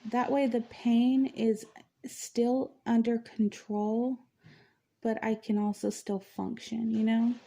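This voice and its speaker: A woman vlogger chatting at home in a relaxed, rambling way, full of fillers, while she paints. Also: medium pitch, creaky. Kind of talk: casual chat. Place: at home, indoors.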